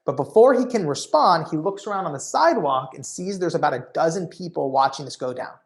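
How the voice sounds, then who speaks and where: A man speaking as a conference keynote speaker, telling a story in an animated way and often saying "you know.". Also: a little high, brisk. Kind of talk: storytelling talk.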